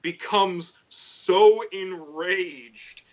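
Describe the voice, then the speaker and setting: A man on a casual podcast stream, retelling a myth in lively detail and briefly voicing the characters as he goes. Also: sits high, extremely slow. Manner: animated storyteller, voices characters in passing. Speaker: co-host. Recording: dull lo-fi sound.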